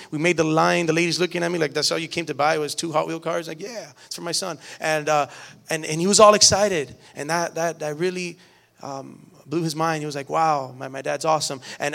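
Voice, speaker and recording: A man in his thirties, a pastor, preaching a sermon in an animated storytelling way, acting out the voices of his family. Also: on the high side, gravelly.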